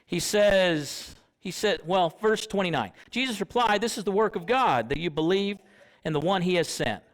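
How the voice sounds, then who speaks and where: A young man preaching in church, his voice sitting fairly high. He talks in a conversational way and keeps asking the congregation questions. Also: a bit bright. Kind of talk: sermon.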